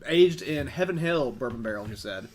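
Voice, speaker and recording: A man's voice: medium pitch, lively intonation, moderate pace. A man co-hosting a podcast in easygoing casual chat, laughing often and keeping the show on track. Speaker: podcast co-host.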